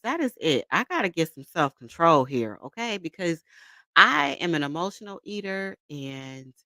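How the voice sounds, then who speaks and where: A woman's voice: lowish voice, sharp tone, no echo. A woman in her thirties hosting a casual livestream, greeting viewers by name and laughing often as she chats. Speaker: livestream host.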